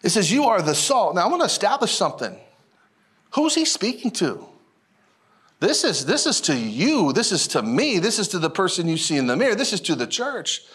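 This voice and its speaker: A male pastor preaching a sermon in an animated, folksy way, repeating phrases and calling out to the congregation. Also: high-pitched, moderate pace, husky. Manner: animated, repetitive, folksy preaching with audience call-outs.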